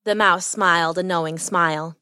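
A woman hosting a children's podcast and narrating a bedtime story in an animated, expressive way. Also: on the low side, normal speed, clear, resonant tone, no echo, studio quality.

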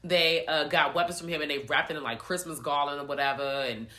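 Animated, profane woman recapping a movie. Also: deep voice, a little fast. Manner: animated, profane storytelling with acted-out voices. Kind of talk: casual movie recap chat.

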